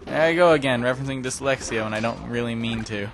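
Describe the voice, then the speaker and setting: A young man giving casual, self-deprecating gameplay commentary, breaking into sudden excited yelps. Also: medium pitch, fast, music in the background. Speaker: let's play commentator.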